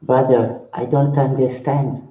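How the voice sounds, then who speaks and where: An older man, a monk, answering viewers in a live-stream chat in broken English, halting and repeating his words. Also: mid-range voice, level tone. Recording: roomy, slightly dull sound.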